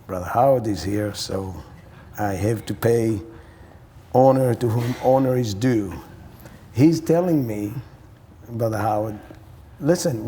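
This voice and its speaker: A man recounts his story slowly and haltingly, searching for his words. His voice is husky, and the sound rings with the long echo of a hall. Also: mid-range voice, mellow. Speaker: interviewee sharing testimony. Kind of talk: personal storytelling.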